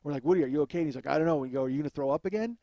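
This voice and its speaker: A man's voice: a little high, rapid-fire, dark tone, dry recording, highs cut off. A man telling a rambling, profane comic story as a podcast host, often laughing at his own tale. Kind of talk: comedic storytelling.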